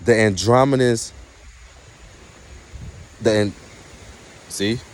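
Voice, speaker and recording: A man vlogging outdoors at night in the wind, talking quietly and mellow in a preachy way and swearing often. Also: fairly low pitch, extremely slow. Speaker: spiritual vlogger. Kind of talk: casual outdoor vlog.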